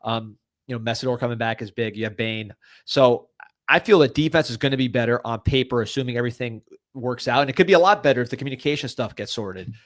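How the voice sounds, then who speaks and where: A man's voice: mid-range voice, quick pace, no room sound, studio quality. A man co-hosting a podcast, in casual sports chat, rambling through confident opinions. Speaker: podcast co-host.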